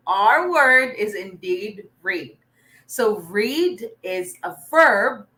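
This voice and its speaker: A woman's voice: a little high, fairly bright tone, poor audio. A Filipino woman teaching an online reading lesson, encouraging and often checking in with her learners. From Philippines.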